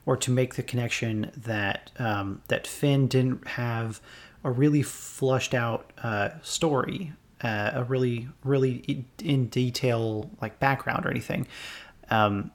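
A man co-hosting a relaxed podcast chat in an ordinary mid-range voice. He works through his thoughts in a hesitant, halting way. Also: mid-range voice. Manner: hesitant, many fillers and restarts while thinking aloud. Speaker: podcast co-host. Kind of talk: casual podcast discussion.

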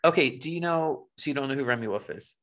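A man's voice: medium pitch, fast talker, a bit bright. A man co-hosting a podcast in casual chat, playful and chatty, laughing often. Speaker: podcast co-host.

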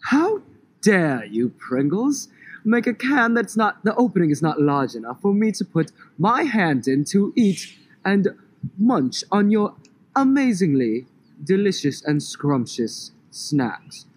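A man's voice: medium pitch, very animated, slow pace, low-quality recording. A man putting on an indignant, pompous complainer's voice, outdoors in a park. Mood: mock outrage. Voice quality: mock-outraged, theatrical. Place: outdoors in a park, on a grassy slope.

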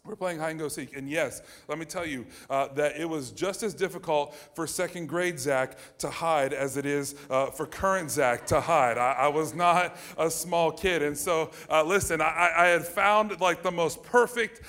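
Animated man telling a childhood story. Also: fairly high pitch, moderate pace, hardly any pauses. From United States (Ohio). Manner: animated, lots of fillers and restarts. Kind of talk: personal anecdote told to an audience.

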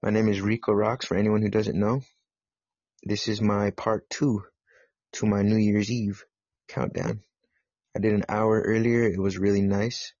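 A man with a low, gravelly and husky voice hosts his own live podcast, rambling in a profane, joking way. The recording is dull and lo-fi, with a dry sound. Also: little pitch movement, a little slow, long pauses, darkish tone, no echo. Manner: profane, joking, self-mocking. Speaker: podcast host. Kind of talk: solo live podcast chat. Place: home setup in California.

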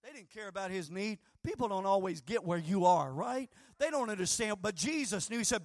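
A man preaching a sermon with fervor, swinging between shouting and hushed tones. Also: sits high, animated, brisk, hardly any pauses, dry recording, studio quality.

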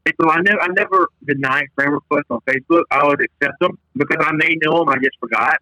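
Bright-voiced man rambling casually. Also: on the high side, fast, no room sound, low-quality recording. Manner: rambling and loose, trailing off mid-thought. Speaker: podcast co-host. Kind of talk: casual podcast chat.

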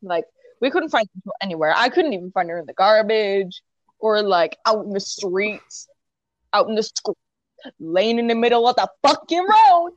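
A young woman in casual chat, telling a wild story with lots of swearing and excitement. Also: medium pitch, moderate pace, no room sound. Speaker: co-host. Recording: dull, slightly lo-fi dry sound.

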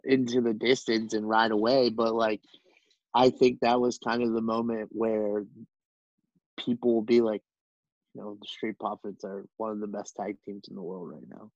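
Young male co-host, opinionated and self-mocking, low voice, dull dry lo-fi sound. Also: flat delivery, moderate pace, darkish tone, dry recording. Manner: opinionated, laughs at himself. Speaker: podcast co-host. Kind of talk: casual chat about pro wrestling.

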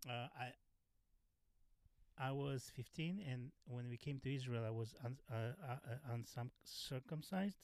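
A man who is a podcast guest, telling personal stories in casual chat, halting and restarting often. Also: medium pitch, darkish tone, no room sound. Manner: halting, many fillers and restarts, frank.

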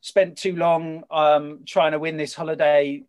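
A man, a podcast guest, chatting casually and telling a story with lively energy. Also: fairly high pitch, measured pace. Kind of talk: casual chat.

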